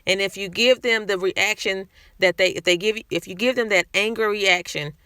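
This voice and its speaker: A woman with a bright, forceful voice talks frankly to her viewers in a casual vlog. She speaks conversationally and often restarts her sentences. The sound is dry and close. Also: mid-range voice, moderate pace, clean tone, no echo. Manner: candid, conversational, frequent restarts. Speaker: vlogger sharing personal experience. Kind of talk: casual talk to camera.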